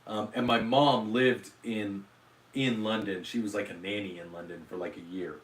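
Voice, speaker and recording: A male livestream host chatting casually in a fairly low voice. He rambles and jokes at his own expense, with plenty of fillers and restarts. The sound is roomy, with a noticeable echo. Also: steady tone, normal speed, far from the mic. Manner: rambling, filler-heavy, self-deprecating.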